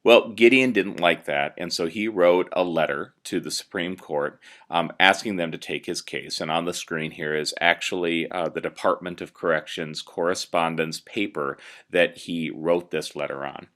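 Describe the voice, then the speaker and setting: A man's voice: sits low, normal speed, a bit bright. A man teaching a recorded lesson, explaining step by step with many "uh"s and "um"s. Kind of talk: recorded classroom lecture.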